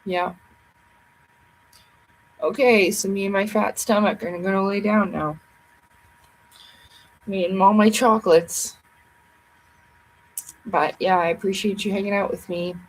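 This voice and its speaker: Woman, livestream chat, tired, playful, rambling, slow-spoken. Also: mid-range voice, steady tone, slight background noise, poor audio. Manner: playful, rambling, chatty with viewers.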